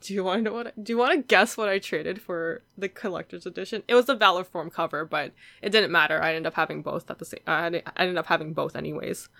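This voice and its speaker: A woman's voice: on the low side, fairly even intonation, quick pace, creaky, hardly any pauses, pushed and bright, dry recording. A young adult woman chatting casually as a guest, telling stories with a laugh and acting out the voices of others. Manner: chatty storyteller, laughs often, acts out quoted voices. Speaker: guest collector. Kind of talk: casual chat.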